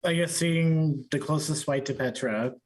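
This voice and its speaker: A man playing a tabletop game, thinking aloud as he describes attacks and adds up his dice. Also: a little high. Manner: slow, thinking aloud while tallying rolls. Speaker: player.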